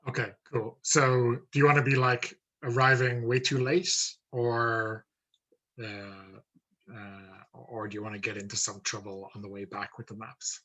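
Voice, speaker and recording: A man running a tabletop game as game master, relaxed and easygoing. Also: mid-range voice, a little slow, lo-fi sound. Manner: relaxed, easygoing, hesitant with fillers.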